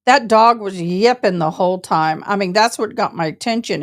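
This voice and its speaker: A woman's voice: medium pitch, moderate pace. A woman telling a story casually and colloquially, a service dog handler who acts out other people's voices.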